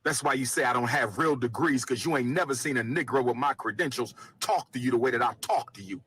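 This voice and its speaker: A man's voice: mid-range voice, fast talker, a bit bright, breathy edge. A man giving a fiery, defiant speech as a lecturing scholar, preaching hard.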